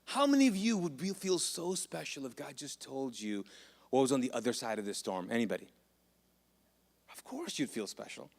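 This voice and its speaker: A man's voice: medium pitch, expressive, moderate pace, vocal fry, a little mellow, big-room sound. A man preaching a sermon as a pastor, casual and joking with lots of asides. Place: church auditorium.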